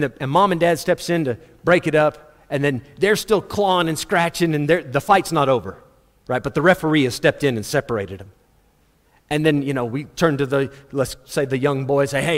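A man preaching a sermon, acting out little dialogues and chuckling at his own stories. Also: a little high. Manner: animated, acts out dialogue, laughs at own stories. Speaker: pastor. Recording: long hall reverb.

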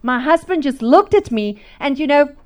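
A middle-aged woman from South Africa preaching a testimony sermon, animated and laughing, swinging from loud to hushed. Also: high-pitched, moderate pace.

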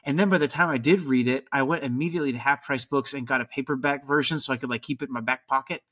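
A man in his thirties hosting a fan podcast, chatting excitedly and casually. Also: medium pitch, quick pace. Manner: excitable, says freaking a lot. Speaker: podcast host.

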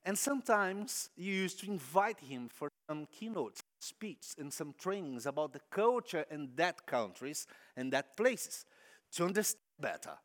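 A man preaching a sermon in English that is not his first language, telling stories with lively acted-out quotes. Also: fairly high pitch, measured pace. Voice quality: non-native English phrasing. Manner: animated storytelling, acting out quoted voices.

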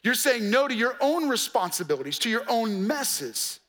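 A man delivering a church sermon in a high, bright voice. He talks to the congregation like a coach, casual and direct, tossing out rhetorical questions and playful asides. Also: very animated, normal speed. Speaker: pastor.

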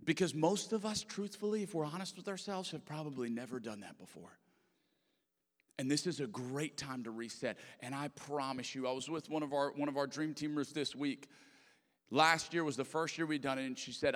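A male pastor giving a sermon to a live congregation in a church, talking casually and jokingly with many fillers. He moves between loud emphasis and hushed, soft passages. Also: fairly high pitch, normal speed. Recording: long reverb of a large hall.

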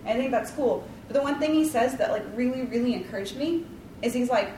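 Speaking fast in a warm, fairly high voice, a woman leads a chatty, rambling devotional talk as a Bible study leader, full of likes and ums and poking fun at herself. The roomy recording has a distant mic, faint ambience, and a little hiss or hum.

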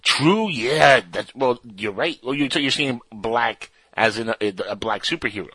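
A man's voice: mid-range voice, expressive, a little slow, pushed and bright, slightly rough, no echo, low-quality recording. A man hosting a radio show, chatting in a playful, goofy and rambling way. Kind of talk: casual radio banter.

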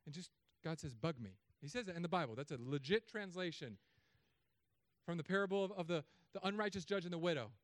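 A man in his thirties preaching a sermon as pastor, telling stories in an animated way with sudden loud, high bursts. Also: fast, no echo, studio quality.

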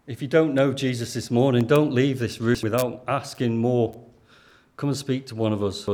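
A man's voice: medium pitch, fairly even intonation, moderate pace, darkish tone. A man with a Lancashire accent delivers a sermon. He speaks earnestly and plainly, as if chatting, and keeps turning questions back to the people listening. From Lancashire, England. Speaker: preacher.

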